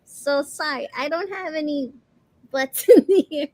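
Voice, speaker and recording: A woman's voice: high voice, a little slow, darkish tone, dry recording, low-quality recording. A woman chatting casually on a live-stream sale, often breaking into giggles as she shows her items on webcam.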